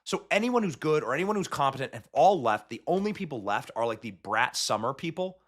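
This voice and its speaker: A man's voice: mid-range voice, big pitch swings, a little fast. A man hosting a commentary show, ranting in a mocking, emphatic way. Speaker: host. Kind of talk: political commentary.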